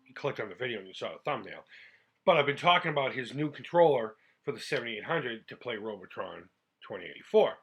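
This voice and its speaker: A middle-aged man from the United States hosts his retro gaming channel in a casual vlog. His voice sits a little high for a man. He talks in a chatty, heartfelt way, rambling and restarting his sentences. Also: fairly bright tone, breathy edge.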